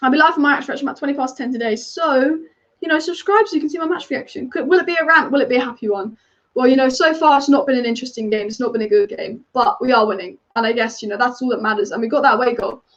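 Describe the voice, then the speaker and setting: Fast-talking high-voiced woman football fan. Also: lo-fi sound. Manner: chatty, opinionated, rapid-fire. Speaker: football fan channel host. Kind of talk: live match watch-along commentary.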